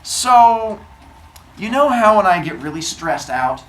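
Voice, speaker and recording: A man's voice: sits high, sing-song, slow, a bit bright, echoey room, recorded from a distance, a little hiss or hum, pitched above the performer's own voice, heavily acted, rough recording. A man voicing a petty, grumpy male king god in a bedtime-style myth retelling, indignant and exaggerated. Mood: peevish.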